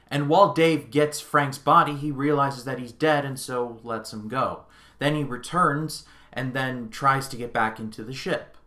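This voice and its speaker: A man's voice: mid-range voice, normal speed, bright, forceful tone. A young man reviewing a movie in a casual video, chatting with amusement as he recounts the scenes. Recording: echoey room.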